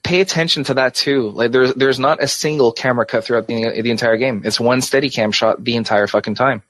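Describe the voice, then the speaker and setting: A man's voice: mid-range voice, steady tone, a little fast, a bit bright, no room sound. A man co-hosting a gaming podcast, chatting casually and rambling with lots of restarts. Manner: rambling, many restarts and swearing. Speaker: podcast co-host. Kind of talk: casual chat.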